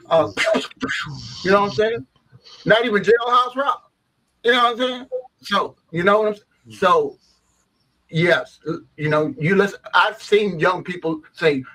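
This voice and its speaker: A man's voice: high voice, measured pace, long pauses, sharp tone, rough recording. Rambling opinionated radio host man. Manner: rambling, opinionated, frequent "you know what I'm saying". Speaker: talk show host. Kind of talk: casual radio talk.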